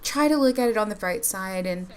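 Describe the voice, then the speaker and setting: A woman voicing a sad young woman who quietly asks her mother for comfort. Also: mid-range voice, lively intonation, a little fast, natural voice.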